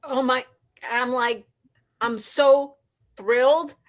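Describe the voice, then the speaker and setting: A woman guest on a live stream, talking in a gushing, excited, rambling way. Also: sits high, slow pace. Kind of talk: casual live-stream chat.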